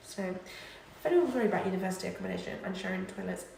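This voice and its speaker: A woman's voice: medium pitch, lively intonation, fast talker, vocal fry, a little mellow, recorded from a distance, a little hiss or hum. A drunk young woman from England streaming late at night, rambling chattily and repeating herself. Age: young adult. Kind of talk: casual drunk livestream chat. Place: student flat kitchen. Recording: echoey room, voice off-mic at times.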